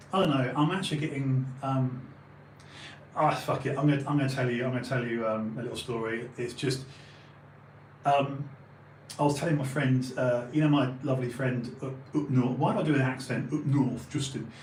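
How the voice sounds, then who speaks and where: A man's voice: medium pitch, a little fast, a little mellow, a little hiss or hum. A man in his late forties chatting on a live stream, rambling with fillers and restarts and swearing freely. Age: 40s. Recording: roomy home recording, faint ambience.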